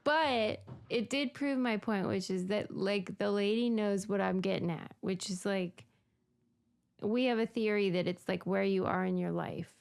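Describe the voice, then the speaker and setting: A woman's voice: medium pitch, creaky, a little mellow. Enthusiastic woman podcast host. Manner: enthusiastic, teasing, quick laughs. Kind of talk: casual chat.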